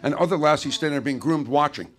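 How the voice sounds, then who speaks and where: A man's voice: fairly high pitch, quick pace. A man hosting a live stage interview, asking questions and trading quips with his guests. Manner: jokey, quips between questions. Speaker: radio host, interviewer. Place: live stage before an audience.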